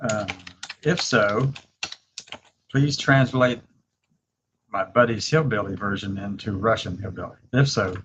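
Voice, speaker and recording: A man hosting a casual video, laughing often and slowly dictating his words as he types. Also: fairly low pitch, steady tone, background noise. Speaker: video host. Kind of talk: casual chat while typing.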